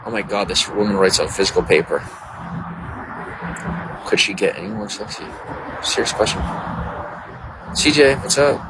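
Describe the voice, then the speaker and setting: Man, very low voice, live-stream chatter, boastful and flirty, loud vehicle noise behind. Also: lively intonation, normal speed, long pauses. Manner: loose, boastful and flirty, reading out viewer names. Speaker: livestreamer greeting viewers. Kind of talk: casual live-stream chat.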